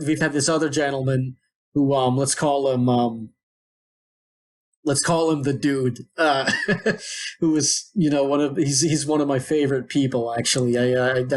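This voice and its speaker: A man's voice: mid-range voice, steady tone, moderate pace. Rambling man telling a long story. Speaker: podcast co-host. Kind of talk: casual podcast chat.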